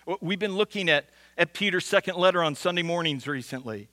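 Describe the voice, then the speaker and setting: A man preaching a sermon as pastor, earnest, slowing down to stress key lines and often restarting words. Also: sits high, pushed and bright, dry recording. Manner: earnest, with frequent restarts and slow emphatic repetition.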